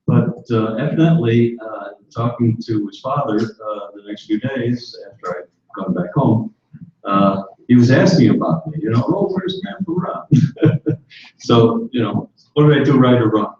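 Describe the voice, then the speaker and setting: An older man in the audience, telling a story hesitantly with many pauses and fillers. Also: mid-range voice, a little mellow, slight background noise. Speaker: audience member asking question. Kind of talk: telling an anecdote. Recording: echoey hall, distant, dull lo-fi.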